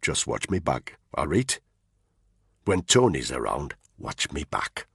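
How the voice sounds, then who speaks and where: A male narrator voicing a shifty, nervous soldier who talks low and mutters, in an audiobook thriller. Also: sing-song, slow pace, creaky, fairly bright tone, slightly rough, dry recording, studio quality, heavily acted. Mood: furtive.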